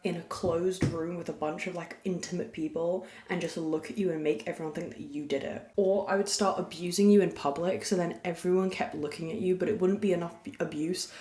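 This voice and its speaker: A young woman with a fairly low voice hosts her podcast in a loose, confessional ramble. She drops crude jokes but keeps her voice soft. The recording carries a noticeable room echo. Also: steady tone, a little fast, hardly any pauses, slight background noise. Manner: rambling, candid, crude jokes, talking softly. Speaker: podcast host. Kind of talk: casual confessional chat. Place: room at a farm. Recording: echoey room.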